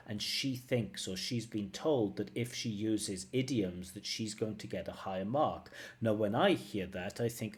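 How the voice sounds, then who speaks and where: A man's voice: medium pitch, measured pace. A man working as a language test examiner, giving analytical feedback and repeating phrases to model pronunciation.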